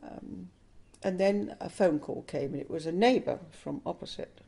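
An older woman telling a personal story in an interview, unhurried and chuckling as she recalls events. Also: on the low side, gravelly, dark tone, slightly rough.

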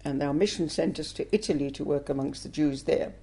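A woman's voice: sits low, brisk, warm tone, husky. An older woman from England, telling her life story in an interview with earnest emotion. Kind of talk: personal testimony interview.

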